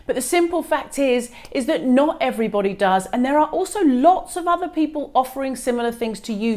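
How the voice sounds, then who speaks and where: A woman hosting her own business advice show, talking straight to the viewer in an energetic, emphatic way. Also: fairly high pitch. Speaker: host of a business video show. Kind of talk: upbeat direct-to-camera advice.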